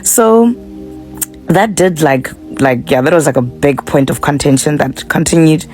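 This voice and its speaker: A man's voice: fairly high pitch, moderate pace, a little mellow, soft background music, poor audio. A man giving casual political commentary, chatty and full of fillers.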